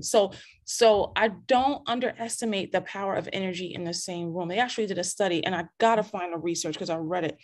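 A woman hosting a casual faith talk, animated and preachy, with many restarts and scripture quotes, heard over a video call. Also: on the low side, brisk. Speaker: podcast host.

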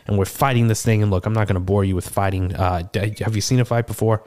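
A man's voice: lowish voice, fast, close to an everyday voice. A man playing a boastful tortle cleric adventurer. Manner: rambling, animated, self-deprecating. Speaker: player. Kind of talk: in-character tavern storytelling.

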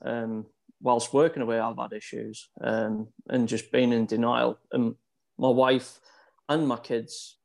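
Middle-aged British male guest, gravelly and flat in delivery, relaxed and halting chat. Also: mid-range voice. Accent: British English. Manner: laid-back, hesitant, many fillers. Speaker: podcast guest. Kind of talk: casual podcast chat.

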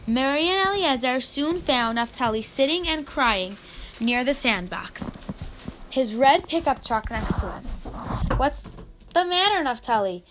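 A woman reading a children's story aloud in an expressive read-aloud manner, with small slips now and then. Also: high-pitched, measured pace, slight background noise, low-quality recording.

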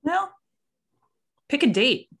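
A woman gives advice as a coach in a relaxed conversation. She is calm and encouraging, and gently direct. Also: sits high, slow. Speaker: intuitive reader, coach. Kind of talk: casual chat.

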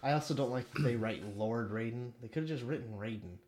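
A man's voice: mid-range voice, fairly quick, a little mellow. Laughing man riffing on a movie. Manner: laughs often, swears casually, mocks the film. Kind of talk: casual movie commentary chat.

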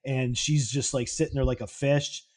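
A man's voice: mid-range voice, flat delivery, normal speed, darkish tone. A man co-hosting a podcast, casually recapping a film's plot with plenty of fillers. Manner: laid-back, recaps plots with fillers. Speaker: podcast co-host. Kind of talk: casual film discussion.

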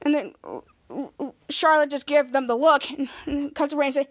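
A woman's voice: high-pitched, normal speed. A woman hosting a podcast, casually recapping a TV episode and acting out the characters' lines as she goes. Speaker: podcast host.

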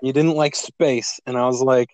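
Supportive male co-host, quick enthusiastic reactions, dry close recording. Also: medium pitch, fairly even intonation, darkish tone, no echo. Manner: enthusiastic, quick agreeing interjections. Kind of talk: casual chat.

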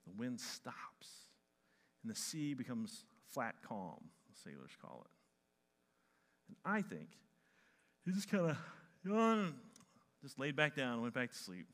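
A man preaching a sermon to a congregation, dramatizing Bible stories with animated shouts. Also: medium pitch, slow, long pauses. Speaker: pastor.

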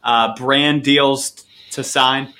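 Male co-host, bright, forceful tone, deadpan joker in casual podcast banter. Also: medium pitch, slow pace. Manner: joking, self-mocking banter. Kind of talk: casual chat.

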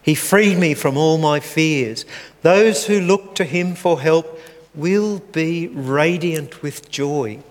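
Older male preacher, slow and earnest, slightly high voice, long church hall reverb. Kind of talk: sermon.

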